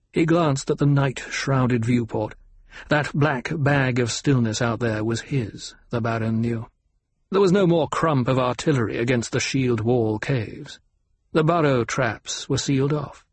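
A man narrating an audiobook in an unhurried, even storytelling manner. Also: medium pitch, husky, no echo. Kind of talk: scripted narration.

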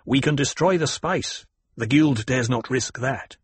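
Man reading firm young commander, husky voice, dry close sound, audiobook. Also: medium pitch, measured pace, no room sound. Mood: assured. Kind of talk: audiobook character voice.

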